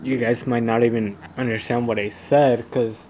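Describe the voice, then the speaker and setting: A man's voice: mid-range voice, little pitch movement, normal speed, a little mellow, a little hiss or hum. A young man telling a story casually, rambling, laughing often and swearing, while snacking. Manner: eating while talking. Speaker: vlogger.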